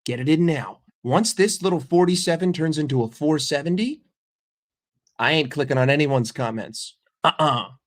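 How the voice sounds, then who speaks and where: A man's voice: fairly high pitch, moderate pace. An American man in a heated, profane live-stream rant about football, sarcastic and fired up. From United States.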